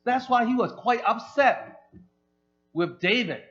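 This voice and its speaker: Animated preacher man in a church. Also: very high voice, takes it slowly. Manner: animated, acts out quoted characters. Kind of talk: sermon storytelling. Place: church sanctuary. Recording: dull lo-fi church recording with faint music.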